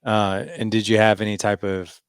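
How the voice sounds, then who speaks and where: Deep gravelly man telling his story. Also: normal speed, no echo, clean studio sound. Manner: animated storyteller, lots of "I was like" quotes. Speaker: podcast guest. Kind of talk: storytelling interview.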